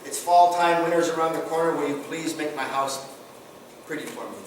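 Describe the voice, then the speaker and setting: A man's voice: on the high side, fairly even intonation, fairly quick, natural voice. A man doing a vain, pleading female skunk. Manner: pleading, begging. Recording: echoey, noisy room from far off.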